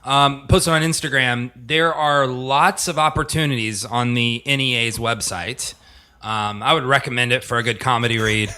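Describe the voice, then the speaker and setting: A man's voice: medium pitch, moderate pace, pushed and bright, clear, resonant tone. A man, a middle school history teacher, chatting as a guest in a podcast studio, laughing often and speeding up when he jokes. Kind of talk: casual interview chat. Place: podcast studio with guitars and amps.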